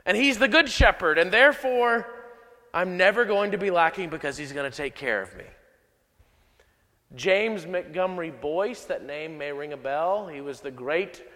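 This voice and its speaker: A male pastor preaching a sermon, measured and emphatic, repeating key lines slowly. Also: sits high, a bit bright. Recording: long hall reverb.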